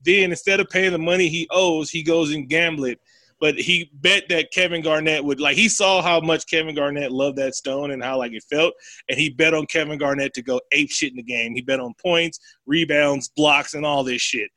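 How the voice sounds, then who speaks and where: A man's voice: fairly high pitch, steady tone, normal speed, sharp tone, no room sound. A man in casual chat, animatedly retelling a film plot with profanity and acted-out quotes. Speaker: podcast co-host.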